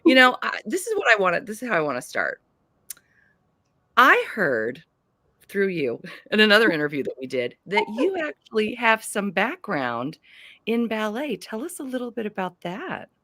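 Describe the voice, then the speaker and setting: A woman's voice: medium pitch, wildly swooping pitch, normal speed, pushed and bright, no echo. A woman with an American accent hosting a live-stream author interview, gushing and exclamatory. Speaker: host.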